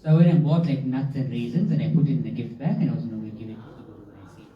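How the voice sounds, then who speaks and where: A man's voice: mid-range voice, rapid-fire. Laughing man telling a story in a hall. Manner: laughs often, self-mocking. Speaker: devotee sharing a testimony. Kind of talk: humorous personal storytelling. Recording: roomy, distant, dull hall recording.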